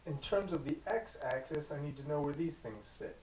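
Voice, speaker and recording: A man teaching a math lesson in a relaxed, off-the-cuff way, thinking aloud and correcting himself as he goes. He sounds set back from the mic, and his voice carries an echo of the room around him. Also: a little high, normal speed, a little hiss or hum. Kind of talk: whiteboard lecture. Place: classroom. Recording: echoey classroom, far from the mic, dull.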